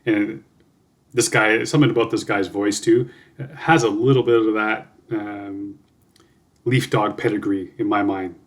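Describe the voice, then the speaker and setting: A man's voice: lowish voice, steady tone, a little slow. A Canadian man hosting a music reaction video, talking casually, swearing freely and thinking aloud with lots of fillers.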